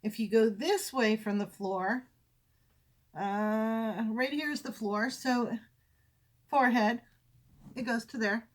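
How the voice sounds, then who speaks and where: Woman, craft podcast host, rambling casual chat, unhurried, slightly high voice. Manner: chatty, rambling, self-correcting. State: briefly out of breath. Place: home craft room with windows.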